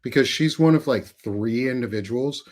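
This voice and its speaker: A man's voice: mid-range voice, normal speed, a little mellow. A man talking politics as a guest, blunt, emphatic and profane. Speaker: guest commentator. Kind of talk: casual political chat.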